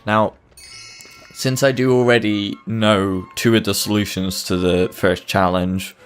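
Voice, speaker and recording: A man's voice: on the low side, flat delivery, measured pace. A man giving casual, joking, rambling commentary while playing a video game. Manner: joking, rambling, self-deprecating. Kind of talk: casual let's-play commentary.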